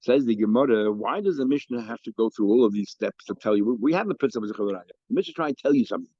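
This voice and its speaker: A man's voice: fairly low pitch, expressive, racing, dark tone, no room sound, dull audio. A man teaching a Talmud lesson, explaining cases with frequent restarts and Hebrew and Aramaic terms.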